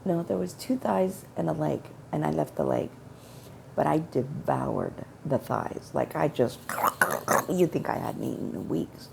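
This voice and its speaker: A woman's voice: deep voice, measured pace, gravelly, a little mellow, a little hiss or hum. A woman telling a personal religious testimony in an earnest, repetitive storytelling way, quoting her prayers. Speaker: testimony speaker.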